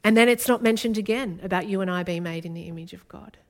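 A woman's voice: medium pitch, quick pace. A woman, from Australia, preaching an earnest and intimate sermon as a guest speaker.

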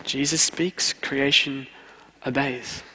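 A student pastor preaching a sermon in an earnest way, repeating key phrases for emphasis. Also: male voice, medium pitch, steady tone, slow pace, bright, forceful tone, slight background noise. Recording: long hall reverb.

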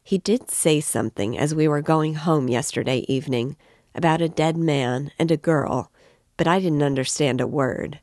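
A woman voicing a calm, thoughtful young man in a storybook reading, steady and measured. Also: deep voice, no room sound, studio quality.

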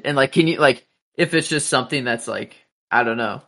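A man co-hosting a casual podcast, speculating about a TV show in a halting way full of filler words. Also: mid-range voice, bright, forceful tone. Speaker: podcast co-host. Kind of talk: casual TV recap chat.

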